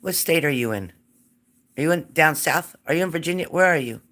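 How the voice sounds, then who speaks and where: A woman's voice: low voice, lively intonation, brisk, fairly bright tone. A woman hosting a live psychic reading stream, chatting casually and greeting viewers by name.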